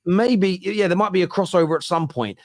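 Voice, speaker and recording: A man hosting a football fan show, reacting fast to viewer comments in casual discussion. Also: high voice, dry recording, clean studio sound.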